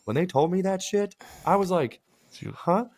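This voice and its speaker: A man's voice: sits high, expressive, normal speed, a little mellow. A man co-hosting a podcast, telling rambling, profane stories in casual chat. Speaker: podcast co-host.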